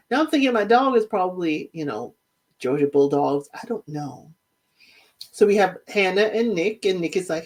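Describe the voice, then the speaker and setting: Casting: woman with a lowish voice and lively swings in pitch, sassy reality recapper who acts out the quotes. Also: moderate pace. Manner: chatty, sassy, quotes people in animated voices. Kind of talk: casual spoken recap.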